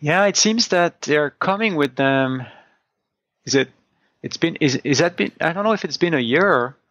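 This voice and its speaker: A man's voice: a little high, expressive, normal speed, a bit bright, dry recording. A man from France, a native French speaker, co-hosting a casual comics review podcast and explaining points thoughtfully, with many restarts. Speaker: podcast co-host. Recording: dull, dry sound.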